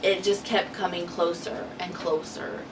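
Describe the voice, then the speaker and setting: A woman's voice: lowish voice, flat delivery, a little slow. A woman co-hosting a casual TV recap, chatty and giggly, acting out quotes as she tells the story. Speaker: co-host of a TV recap channel. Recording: distant mic with noisy background.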